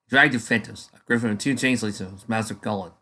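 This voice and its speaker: Bright-voiced man reading fanfiction aloud. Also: on the low side, fast. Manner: offhand asides between passages. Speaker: fanfiction reader. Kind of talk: casual dramatic reading.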